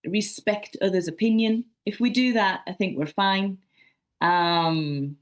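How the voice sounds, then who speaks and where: A woman from Sunderland, giving an academic presentation at a conference in a friendly manner, often repeating herself and using fillers like "um.". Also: fairly low pitch. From Sunderland, England.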